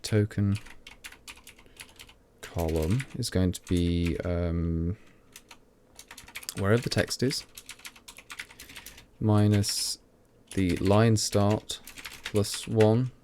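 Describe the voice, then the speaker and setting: A man's voice: lowish voice, steady tone, very slow, pauses often, a little mellow, a little hiss or hum. Tipsy man muttering while coding. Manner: rambling, self-talking, chatty asides to viewers. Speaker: streamer programming live. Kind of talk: thinking aloud while coding.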